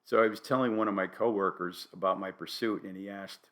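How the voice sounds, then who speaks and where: An older man from New Haven, Connecticut, with a New England accent, hosting a solo podcast with dry, wry, deadpan humor. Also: sits low, brisk. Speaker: podcast host.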